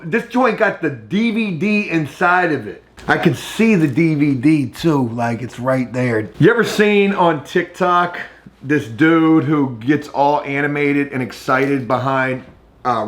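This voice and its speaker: A middle-aged man, vlogging casually and swinging between hushed asides and excited outbursts. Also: on the high side. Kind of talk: casual vlog talk.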